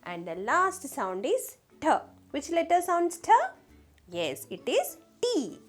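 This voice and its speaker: Slow, lively-voiced woman teaching phonics. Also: sits high, faint music behind. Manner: slow, sounding out letters and asking the class questions. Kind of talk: children's phonics lesson.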